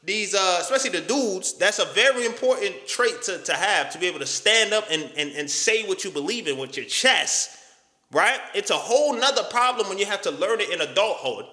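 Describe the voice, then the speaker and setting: A man's voice: high-pitched, lively intonation, a little fast, sharp tone, roomy sound. A man giving a casual motivational talk in street slang, emphatic and profane. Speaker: motivational YouTuber.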